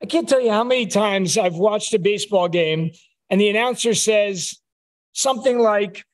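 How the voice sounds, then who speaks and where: A man's voice: high voice, measured pace. A man, a rabbi, giving a conversational sermon in a synagogue, telling wry stories. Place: synagogue sanctuary.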